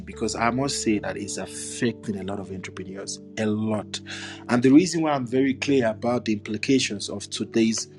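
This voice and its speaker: A man hosting a discussion, speaking slowly and deliberately with many pauses and ums. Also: fairly low pitch. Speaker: host. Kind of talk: hosted discussion.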